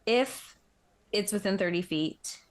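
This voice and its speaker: A woman's voice: medium pitch, expressive, takes it slowly. A woman playing a tabletop role-playing game, chatting casually and explaining her character's abilities. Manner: chatty, explains rules with fillers. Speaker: player.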